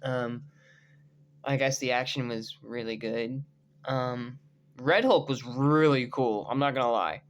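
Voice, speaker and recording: Excitable young man swearing casually. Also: medium pitch. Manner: excitable, slangy, swears freely, lots of ums. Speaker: YouTuber reviewing movie casting. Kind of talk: casual fan commentary.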